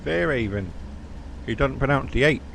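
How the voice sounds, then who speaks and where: A man's voice: on the low side, unhurried, slight background noise. A man with a West Country English accent, chatting casually and rambling as he streams a train game, mocking himself now and then. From South West England. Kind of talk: casual live game commentary.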